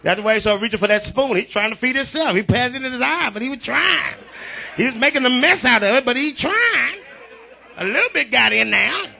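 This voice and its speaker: A man preaching a revival sermon in a church, using call-and-response and breaking into shouts. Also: very high voice, lively intonation, a little fast, creaky, breathy edge. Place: church sanctuary.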